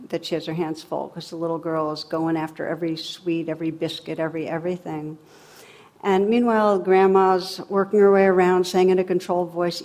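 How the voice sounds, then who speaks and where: A woman with a slightly low voice speaks like a meditation teacher addressing a group. She talks conversationally and unhurriedly. Her humor is dry and sarcastic, and she laughs easily. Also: a little mellow. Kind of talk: reflective talk on meditation.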